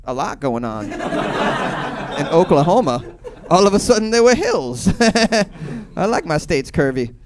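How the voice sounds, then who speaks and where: A man in his thirties from Boston doing a stand-up comedy set, telling a loose, profane story with sudden loud bursts. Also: high voice, very animated, takes it slowly, a crowd in the background. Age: 30s.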